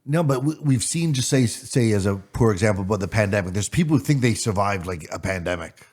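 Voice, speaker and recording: A man with a fairly low voice chatting on a podcast. He rambles, backing up and restarting his thoughts as he goes. The tone is loose and conversational. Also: animated, fairly quick, darkish tone. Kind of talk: casual comedic chat.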